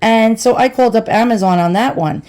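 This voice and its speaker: A woman's voice: on the high side, fairly quick, darkish tone. A woman in her forties, rambling and chatty as she talks through an unboxing vlog at home, calling her viewers boys and girls. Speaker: vlogger.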